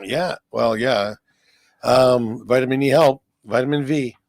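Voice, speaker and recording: A man's voice: medium pitch, creaky, a little mellow, no room sound. A Canadian man co-hosting a casual comedy chat show, telling rambling stories that halt on fillers. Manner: rambling storyteller, halting with fillers. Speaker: podcast co-host.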